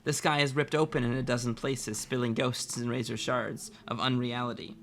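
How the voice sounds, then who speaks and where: Bright-voiced man reading a story aloud. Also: mid-range voice, flat delivery, normal speed, a little hiss or hum. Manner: reading aloud with frequent stumbles and restarts. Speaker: reader, co-host.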